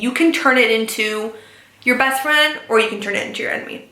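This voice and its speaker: A young woman talks casually to her viewers, rambling and filling pauses with "like" and "um". Her voice sits a little high and sounds bright and forward. The room around her is noticeably echoey. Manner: chatty, filler-heavy with lots of "like" and "um". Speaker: beauty and lifestyle vlogger. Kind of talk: casual chat to camera.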